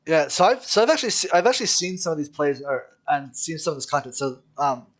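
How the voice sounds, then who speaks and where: Give me a higher-pitched man hosting a podcast with upbeat chat. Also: very animated, quick pace. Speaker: podcast host. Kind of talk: casual chat.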